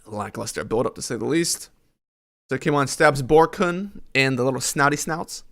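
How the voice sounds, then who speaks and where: A man's voice: mid-range voice, animated, normal speed, creaky, a bit bright. A man streaming a live reaction to a comic chapter, reading lines aloud and making sarcastic, critical remarks.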